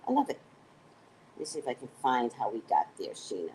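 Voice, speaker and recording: A woman's voice: brisk, slight background noise, poor audio. A woman, a psychic hosting her own live morning show, chatting casually, rambling, swearing freely and joking at her own expense. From United States. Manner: rambling, profane, self-mocking, digressive; animated, swings into high excited tones. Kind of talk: casual live-stream chat.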